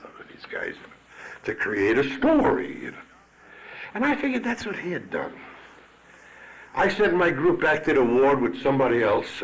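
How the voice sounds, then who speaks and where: A man's voice: mid-range voice, a bit bright, rough recording. A man telling his own story at a recovery meeting, blunt and salty-tongued. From Chicago. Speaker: AA speaker. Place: meeting hall at a podium. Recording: archival 1980s meeting tape.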